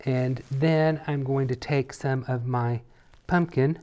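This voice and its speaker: A man teaching a painting lesson in a relaxed tutorial, chatty and playful as he talks while he works. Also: medium pitch, slow pace. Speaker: painting instructor.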